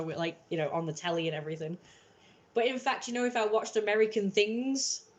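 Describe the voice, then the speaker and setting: A woman with an English accent chatting casually on a livestream, rambling and filling her talk with "like" and restarts. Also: medium pitch. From England. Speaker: livestream host. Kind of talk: casual live-stream chat.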